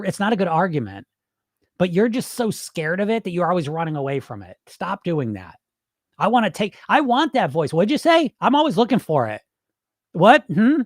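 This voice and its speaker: This man has a high voice, recorded dry with studio quality through a wireless microphone. A weight-loss hypnosis coach and podcast host, he runs a live weight-loss show, reads viewer comments, and talks bluntly and profanely with pep-talk energy.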